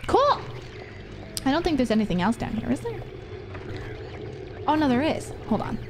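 A woman's voice: high voice, big pitch swings, moderate pace, noisy background. Chatty swearing woman streamer. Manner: chatty, talks to chat and to the game, swears freely. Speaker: streamer playing a horror game. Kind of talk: casual live gameplay commentary with swearing.

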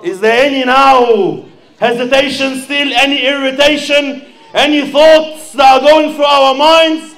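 A man's voice: very high-pitched, fairly even intonation, measured pace, a bit bright. A man giving an impassioned fundraising sermon, calling out to the audience and acting out a story. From Sydney. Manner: impassioned, calls out to the crowd and acts out a story. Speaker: fundraising preacher.

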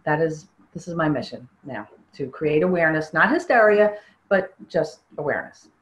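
Earnest woman with a low voice. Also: animated, dull audio. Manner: earnest, halting, with frequent restarts. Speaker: interviewee. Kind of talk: personal testimony interview.

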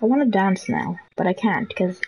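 A woman's voice: medium pitch, lively intonation, normal speed, creaky, darkish tone, slight background noise, low-quality recording. A woman streaming a game live, chatting playfully and teasing other players as she plays. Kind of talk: live gameplay commentary. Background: game music.

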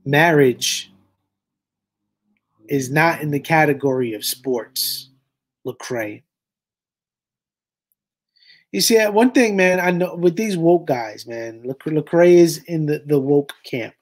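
A man's voice: on the high side, slow pace, long pauses. A man hosts a reaction commentary in a fervent, preaching manner. He talks directly to his audience and pushes each point hard. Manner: impassioned, preachy, addresses listeners as "y'all". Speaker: commentary host.

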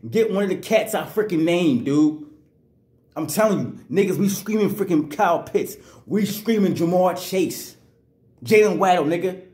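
A man's voice: sits high, moderate pace, a little mellow, echoey room. Angry man ranting about football. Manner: angry, repetitive, slangy. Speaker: sports vlogger. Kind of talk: fired-up sports rant.

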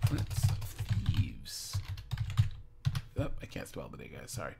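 Speaking slowly in a warm tone, a man rambles casually through reaction commentary. He keeps addressing his viewers as "guys" and "man."

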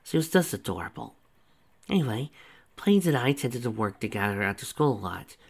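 A man voicing a nonchalant, whimsical mature woman who is a school principal, in a relaxed conversational reading. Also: medium pitch, moderate pace, gravelly. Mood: reminiscing.

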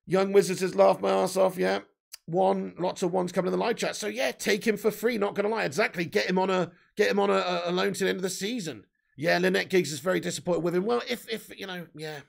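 Gravelly, high-voiced English man chatting live. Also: fairly even intonation, quick pace. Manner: chatty, reads viewer comments aloud, swears casually. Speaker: livestream host reading chat. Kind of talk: casual live chat.

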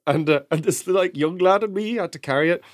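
A man's voice: high-pitched, a little fast, dry recording. Young irish guy rambling thru a story on a podcast, dead dry sound. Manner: rambling, self-mocking anecdote telling with laughs. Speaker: podcast co-host. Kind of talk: casual chat, storytelling.

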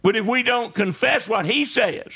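In a church sanctuary, a male pastor speaks in a very high-pitched, sharp voice with a breathy edge, keeping a moderate pace. He preaches conversationally and keeps checking in with his audience, dropping "right?" asides frequently.

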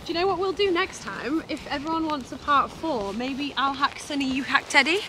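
A young woman, chatting casually and gently coaching a friend on horseback outdoors in a windy field. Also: sits high, fairly quick, a crowd in the background. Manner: encouraging, gently instructive. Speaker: horse owner and channel host. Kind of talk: casual chat while coaching a rider. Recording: wind noise outdoors.

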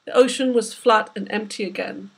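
A woman's voice: mid-range voice, normal speed, vocal fry, fairly bright tone, husky. A woman, the author, reading aloud from her novel with vivid, dramatic storytelling. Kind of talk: literary reading.

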